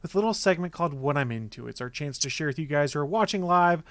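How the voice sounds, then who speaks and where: A man's voice: a little high, animated, fast talker, fairly bright tone, dry recording. A man hosting a podcast, reading network plugs and segment intros in an upbeat, announcer-like way. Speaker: podcast host.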